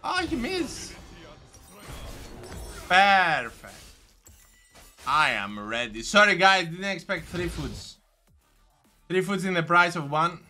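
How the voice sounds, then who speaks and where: An excitable man talks through his own match as he plays, reacting fast. His voice is bright and a bit high, and his pitch swings a lot. He breaks into shouts at sudden moments. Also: faint music behind. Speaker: gameplay streamer. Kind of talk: live gameplay commentary.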